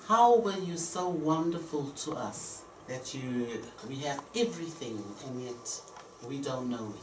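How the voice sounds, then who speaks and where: A woman's voice: deep voice, a little hiss or hum. A woman guest poet speaking earnestly and reflectively in a casual radio chat. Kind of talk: casual chat, reciting poetry. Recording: roomy, distant, faint ambience.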